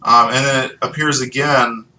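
A man teaching from the Bible, reading passages aloud and then explaining them in a loose, halting way with frequent ums. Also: mid-range voice, fairly even intonation, bright, forceful tone, distant mic, low-quality recording. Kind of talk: scripture teaching with read passages.

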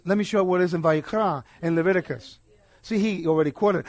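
A man preaching a sermon, emphatic, swinging between quiet asides and loud declarations. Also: high-pitched, fast, no echo.

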